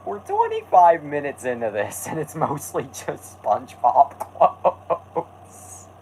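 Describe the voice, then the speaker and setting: Excitable young man, lively pitch. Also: takes it slowly, vocal fry, slight background noise, low-quality recording. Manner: excitable, exclamatory, swears casually. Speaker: host. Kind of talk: casual reaction commentary.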